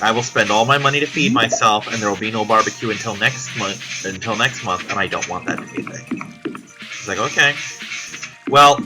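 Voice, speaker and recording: A man's voice: fairly low pitch, rough recording. A man vlogging in a casual, rambling way, chatty and profane, telling a story about his week. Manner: profane, chatty, self-deprecating.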